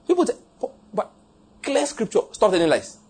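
A man's voice: high voice, wildly swooping pitch, normal speed, darkish tone, breathy edge. A man preaching a sermon in a jokey, emphatic way, laughing at his own points and repeating lines for effect. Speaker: pastor.

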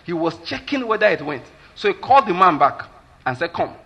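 A man's voice: high-pitched, sing-song, a little fast, bright, forceful tone. A man with a Nigerian accent preaching a sermon as a pastor, emphatic and repeatedly checking that listeners follow his point, with Pidgin asides.

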